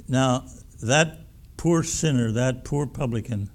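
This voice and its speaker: A man preaching with a gravelly, fry-laden voice at an ordinary pitch. He talks in a homespun, emphatic way and doubles back on his words as he builds his points. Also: takes it slowly, background noise. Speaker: pastor. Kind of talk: sermon.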